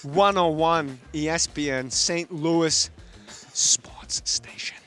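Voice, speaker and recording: Brief: male comic guest, dry and playful, slow and a bit high. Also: a bit bright, soft background music. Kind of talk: casual talk-show chat.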